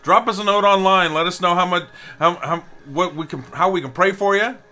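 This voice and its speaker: Male pastor, earnest devotional delivery, forceful bright tone. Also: high voice, fairly quick, soft background music. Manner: earnest, building to emphatic repetition. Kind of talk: short video devotional.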